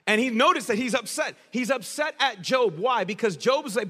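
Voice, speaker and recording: A man preaching a sermon in a casual, slangy, animated storytelling way. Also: high voice, fairly quick, few pauses, slightly rough, long reverb tail.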